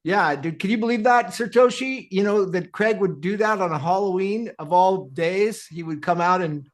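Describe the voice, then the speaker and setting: A man's voice: high voice, normal speed. A man hosting a live audio chat, casual and jokey, laughing often and calling people "dude". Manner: laughing, loose and jokey, says "dude" a lot.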